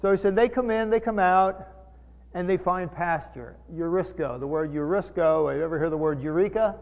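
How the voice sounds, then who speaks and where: Heard through tinny, phone-like audio with a long hall echo, a man preaches at an ordinary pace in a voice that sits high. The pastor teaches the Bible folksily, unpacking Greek terms and questioning his audience.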